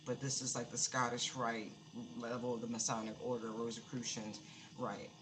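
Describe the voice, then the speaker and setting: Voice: medium pitch, flat delivery, moderate pace, noisy background. A tarot reader giving a casual, emphatic live-streamed reading, often repeating words for stress.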